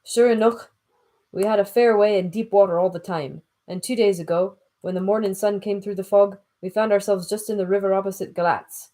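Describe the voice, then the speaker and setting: A woman reading aloud and voicing a gruff middle-aged male sea captain with a Scottish accent, rambling in thick dialect. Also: mid-range voice, fairly even intonation, a little fast, mellow, natural voice. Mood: stubborn. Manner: folksy, rambling dialect storytelling. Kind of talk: audiobook reading.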